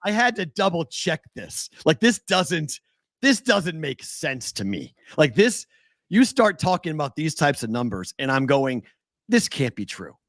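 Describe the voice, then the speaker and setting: A man's voice: on the high side, a little slow, dry recording, clean studio sound. A man hosting a casual sports betting show, rattling off odds and stats with incredulous energy. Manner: animated, incredulous, stat-heavy.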